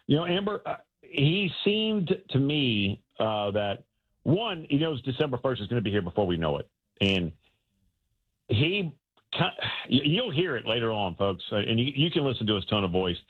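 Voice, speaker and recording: Male sports-radio co-host on a call-in line, husky and animated, thin tinny phone sound. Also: on the low side. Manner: animated, colloquial, repeats words when excited. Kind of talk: casual sports talk.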